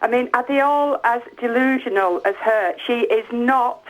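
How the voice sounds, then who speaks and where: A woman's voice: fairly high pitch, moderate pace. A woman calling in to a phone-in show, outspoken and gossipy about the housemates. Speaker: caller. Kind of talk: phone-in call. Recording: phone line.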